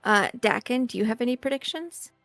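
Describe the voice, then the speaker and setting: A woman running a tabletop game on stream as game master, chatty and quick to laugh. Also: fairly high pitch, animated, fairly bright tone, no room sound.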